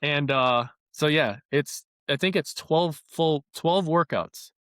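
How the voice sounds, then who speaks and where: A young man telling stories as a podcast guest in a casual, animated, rambling way with many fillers. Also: fairly high pitch, slow pace, no echo, clean studio sound. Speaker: former baseball player guest.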